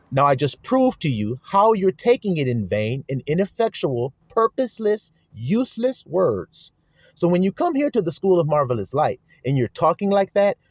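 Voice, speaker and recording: A man's voice: fairly high pitch, a little mellow, no room sound. A man preaching a sermon to his flock, repeating key words like a chant and firing rhetorical questions. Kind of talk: sermon teaching. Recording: dull lo-fi dry recording.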